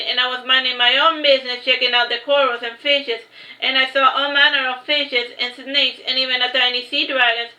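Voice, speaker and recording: A woman reading her own first-person story aloud, in a steady read-aloud manner with occasional slips. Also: sits high. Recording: echoey room, slightly dull lo-fi sound.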